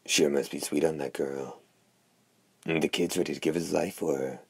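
A man reading the lines of a hoarse, wry, sardonic talking hand symbiote in an audiobook. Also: a bass voice, fairly even intonation, moderate pace, darkish tone, dry recording, heavily acted. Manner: wry, drawling.

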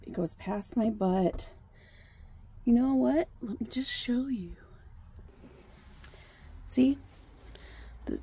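Slow, chatty woman vlogging. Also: on the high side, breathy edge. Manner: chatty and rambling, talks softly to a duck. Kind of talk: casual vlog chat. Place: outdoors by a lake.

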